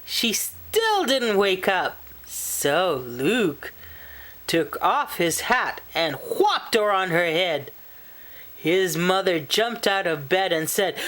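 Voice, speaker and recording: A woman reading a children's picture book aloud in a slow, expressive storytelling manner. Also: fairly low pitch. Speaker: storybook reader.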